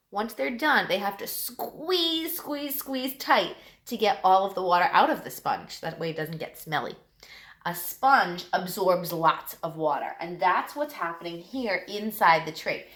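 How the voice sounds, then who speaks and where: Lively sing-song woman teaching young kids. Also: medium pitch, roomy sound. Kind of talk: classroom lesson for young children.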